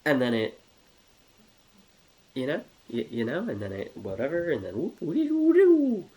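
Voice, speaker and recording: A man's voice: mid-range voice, sing-song, normal speed, husky. A man telling a rambling, comedic story in a scatterbrained way, with giggles and many restarts.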